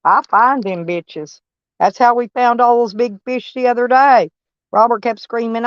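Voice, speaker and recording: A woman's voice: a little high, steady tone, normal speed, smooth, dry recording, highs cut off. A woman chatting casually to her viewers from her van, folksy and blunt, swearing freely. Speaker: van life vlogger. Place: van or camper, indoors.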